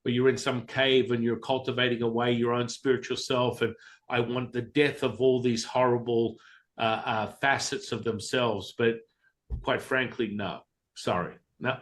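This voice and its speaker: A man's voice: mid-range voice, little pitch movement, moderate pace. A man being interviewed as a spiritual teacher, candid and blunt, casually swearing and acting out voices as he tells his stories. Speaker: Taoist teacher, interview guest.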